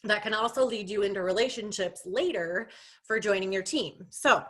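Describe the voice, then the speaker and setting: A woman's voice: medium pitch, moderate pace, fairly bright tone. A young woman giving a casual, chatty training for her sales team over a video call, full of fillers, restarts and jokes at her own expense. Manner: chatty, self-deprecating, many fillers and restarts.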